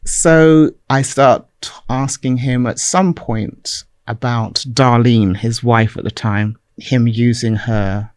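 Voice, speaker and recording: A woman music journalist, a podcast guest, telling stories from past interviews in a casual, animated way and acting out the people she quotes. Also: a bass voice, takes it slowly, clear, resonant tone, dry recording. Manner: animated, acts out quoted voices.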